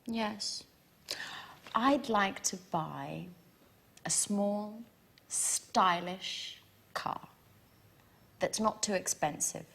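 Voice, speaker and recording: Anne, breathy and unhurried. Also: female voice, mid-range voice, fairly bright tone, full character voice. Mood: explaining. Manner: clear, carefully paced dialogue acting. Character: Anne, woman shopping for a modest new car. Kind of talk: scripted language-course dialogue.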